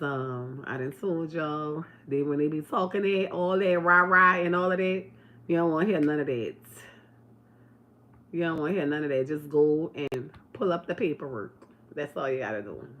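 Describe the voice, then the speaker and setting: Animated woman in a loose, swooping livestream rant. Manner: animated, swooping pitch, loud bursts. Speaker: livestream host. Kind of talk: casual livestream commentary.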